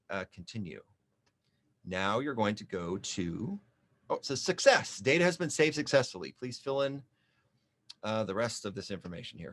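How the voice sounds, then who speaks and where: A man's voice: on the low side, fairly bright tone. Chatty man talking through a screen-share tutorial. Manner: chatty and joking, thinking aloud while typing. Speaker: small business advisor demonstrating an application.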